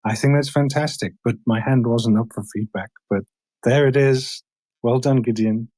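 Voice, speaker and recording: Husky man, wry and good-humored. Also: medium pitch, normal speed, mellow, no echo.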